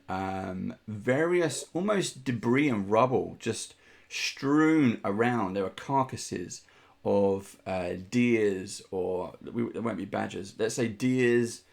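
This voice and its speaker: A man narrating a tabletop game as game master, descriptive and unhurried with frequent ums. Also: fairly low pitch, vocal fry.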